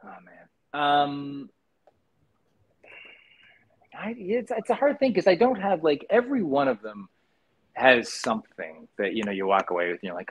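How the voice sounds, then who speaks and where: A male actor, a guest in a casual interview, talking in a relaxed and candid way, acting out quotes as he goes. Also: a little high, a little slow, pauses often, phone-quality sound, a little hiss or hum. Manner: relaxed and candid, with frequent restarts and acted-out quotes.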